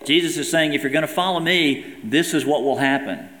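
A man's voice: fairly high pitch, fairly quick, a bit bright. A man giving a sermon as pastor, preaching earnestly and reading scripture aloud with emphasis. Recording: echoey hall with long reverb.

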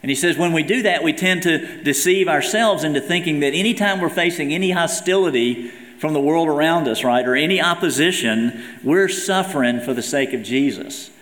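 A man's voice: fairly high pitch, moderate pace, fairly bright tone. A man giving a sermon as pastor, preaching earnestly and reading scripture aloud with emphasis. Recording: echoey hall with long reverb.

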